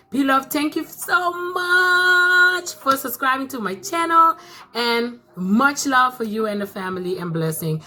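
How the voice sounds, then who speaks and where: Excitable woman with a bright voice. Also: medium pitch. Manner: excitable, repeats phrases, bursts of laughter. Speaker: mukbang vlogger. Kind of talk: casual chat to camera.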